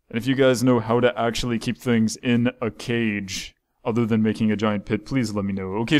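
A man's voice: medium pitch, a little mellow. A man hosting a casual let's-play, talking in an exasperated, scolding way while rambling about his game. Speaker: gaming channel host.

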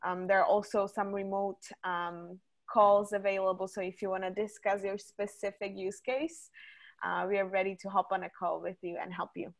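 A woman's voice: medium pitch, steady tone, moderate pace. A woman co-hosting a webinar Q&A, talking conversationally with frequent ums and restarts. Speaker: webinar co-host. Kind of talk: casual webinar Q&A.

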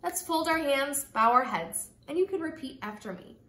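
A woman telling a children's story in an expressive storytelling manner, then talking to kids about it as a church storyteller. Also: sits high, normal speed. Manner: expressive, sing-song storytelling. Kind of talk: read-aloud story and children's message. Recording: echoey room.

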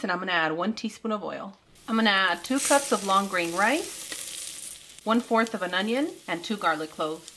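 A woman's voice: mid-range voice, sharp tone, slight background noise. A woman hosting a cooking channel, giving upbeat, chatty step-by-step recipe narration.

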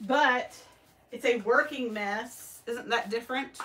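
A chatty woman with a Southern US accent, talking casually to her viewers as she works. Her voice sits a little high and comes from some way off the mic. A loud sewing machine runs behind her. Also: slow, distant mic, noisy background. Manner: chatty, talks to viewers as y'all while sewing. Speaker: embroidery shop owner livestreaming her work. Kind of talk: casual live-stream chat while working.

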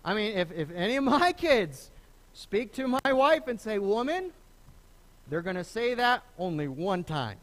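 A high, very animated male voice preaching from a church pulpit. He is a middle-aged pastor who swings his pitch up and down as he talks, stumbling over restarts and slipping into the voices of the people he quotes. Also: moderate pace. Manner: lively, conversational preaching with repeated starts and acted quotes. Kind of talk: sermon. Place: church sanctuary.

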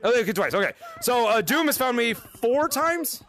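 High, lively, bright-voiced man streaming excitedly. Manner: energetic, laughing often, quick restarts. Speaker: VR game streamer meeting fans. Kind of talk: excited live gaming chat. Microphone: VR headset mic.

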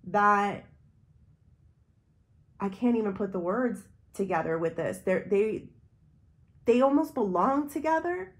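A woman's voice: medium pitch, expressive, takes it slowly, pauses often. A woman giving a tarot reading, talking straight to the viewer in a rambling, intuitive way. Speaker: tarot reader.

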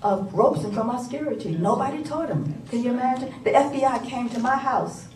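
A woman's voice: fairly high pitch, brisk. Older woman poet, roomy hall. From New York. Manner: animated, laughs often, repeats phrases for emphasis. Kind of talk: live storytelling talk to an audience. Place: conference hall. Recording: roomy, from far off, faint ambience.

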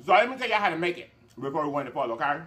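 A man hosting a mukbang vlog, talking casually and excitedly to his viewers. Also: on the high side, rapid-fire. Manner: animated, excitable, calls out to viewers. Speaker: mukbang channel host.

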